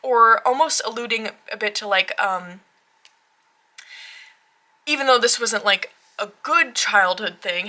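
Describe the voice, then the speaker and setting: A woman walks through a new tarot deck in her home tarot room, gushing and excitable, with gasps and filler words between her thoughts. Her voice is bright and forward, set at an ordinary middle pitch for a woman. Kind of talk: casual unboxing walkthrough.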